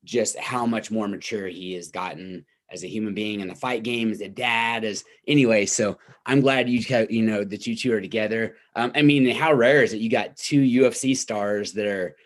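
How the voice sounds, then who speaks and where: Low-voiced laid-back male host. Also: moderate pace, hardly any pauses. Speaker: podcast host and coach. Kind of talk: casual interview.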